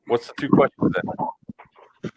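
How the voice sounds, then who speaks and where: A man's voice: slow pace, a little mellow, no room sound, rough recording. A man co-hosting a casual chat, telling a story with many fillers and acted-out quotes. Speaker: podcast co-host.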